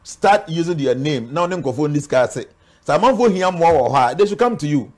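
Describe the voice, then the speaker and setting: A man's voice: fairly high pitch, lively intonation, a little fast, darkish tone. A man with a Ghanaian accent, a spiritual guest speaking earnestly in an interview, warning and preaching. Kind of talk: interview talk mixing Twi and English.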